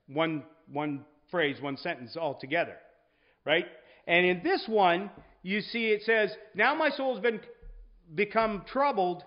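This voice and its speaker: A man's voice: high-pitched, a little slow, lo-fi sound. A man teaching a Sunday school class on scripture, conversational, often checking in with the room.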